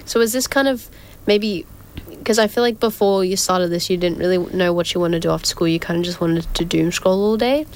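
A woman's voice: lowish voice, a little fast, slight background noise. A young woman hosting a casual radio show, chatty and rambling, often giggling and filling gaps with ums. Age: young adult. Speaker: community radio host. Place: radio studio.

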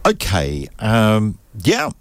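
A man's voice: fairly low pitch, huge pitch swings, drawn-out words, gravelly, no room sound. An Australian man hosting a community radio show in casual, jokey, rambling chat from a studio mic. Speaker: radio host. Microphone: studio microphone.

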